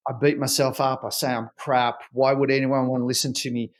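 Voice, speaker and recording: A middle-aged man with a mid-range voice talks as a podcast guest, explaining ideas through stories. He is animated and slips into acting out dialogue as he goes. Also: medium pitch, fairly quick. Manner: animated storyteller who acts out dialogue. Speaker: podcast guest, performance researcher. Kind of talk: conversational podcast interview.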